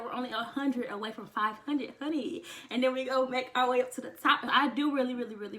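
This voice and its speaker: A young woman vlogging, talking casually and sassily to her viewers, calling them honey and getting excited almost to tears. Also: fairly high pitch. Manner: sassy and chatty, says honey a lot; emotional, close to tears with excitement. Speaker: beauty vlogger. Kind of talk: casual chat to camera.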